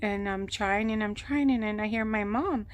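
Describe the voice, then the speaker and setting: A woman telling a long personal story on her vlog, rambling and animated, acting out what people said. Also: mid-range voice, normal speed. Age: adult, mother of a grown son. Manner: rambling, animated retelling with quoted voices. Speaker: vlogger. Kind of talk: casual storytelling.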